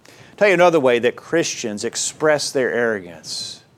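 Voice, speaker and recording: A man preaching a sermon, earnest and exhorting, who reads scripture aloud in a measured cadence and swings between quiet, low passages and loud, rising emphasis. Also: sing-song. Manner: earnest preaching with wide swings in pitch and volume.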